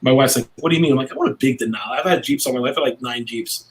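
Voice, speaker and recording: A man's voice: mid-range voice, very fast, low-quality recording. A brash middle-aged man, a cigar maker guesting on a podcast, telling a long rambling story in casual chat.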